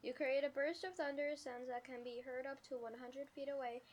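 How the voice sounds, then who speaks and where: A woman playing in a tabletop game, speaking in a high voice. She sounds eager and playful as she reads out her moves. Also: steady tone, brisk, a little hiss or hum. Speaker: player. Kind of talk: casual tabletop game play.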